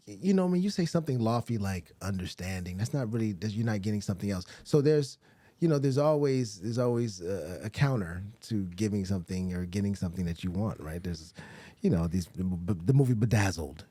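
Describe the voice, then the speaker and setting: Southern male guest, mellow dark voice, dry close sound, animated rambling talker with a salty mouth. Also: fairly quick, no echo. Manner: animated, rambling, swears freely, jumps into high laughing asides. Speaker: actor and director, podcast guest. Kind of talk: casual conversational interview.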